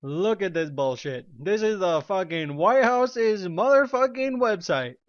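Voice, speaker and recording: A high-pitched man vents in a profane rant, swearing nonstop and breaking into short laughs between his points. The recording is dull and lo-fi. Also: expressive, unhurried. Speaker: political commentary vlogger.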